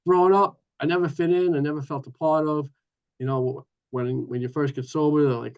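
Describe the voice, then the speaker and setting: A man in his sixties from New York, sharing his recovery story at a meeting in a lively, joking way over a video call. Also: on the high side, a little fast, muffled recording. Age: 60s. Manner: lively storytelling with playful asides. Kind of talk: personal recovery share.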